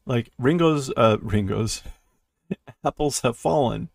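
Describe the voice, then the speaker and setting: A man reads a comic aloud in a relaxed, unhurried way, stopping to translate lines and act out the sound effects with playful noises. His voice has a gravelly texture, and the recording is dry and close. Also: mid-range voice, no room sound. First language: English. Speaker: streamer reading manga aloud. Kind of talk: casual read-through with translation.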